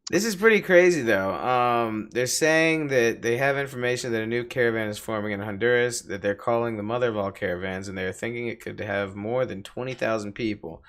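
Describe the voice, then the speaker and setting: A man's voice: mid-range voice, brisk, hardly any pauses, fairly bright tone. A man co-hosting a casual podcast, joking around, laughing often and trailing off mid-thought. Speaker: podcast co-host. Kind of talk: casual chat.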